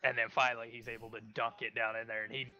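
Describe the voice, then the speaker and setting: A man's voice: medium pitch, little pitch movement, fast, bright, forceful tone, dull audio, a little hiss or hum. A man narrating as game master of a tabletop game, in loose, filler-heavy speech.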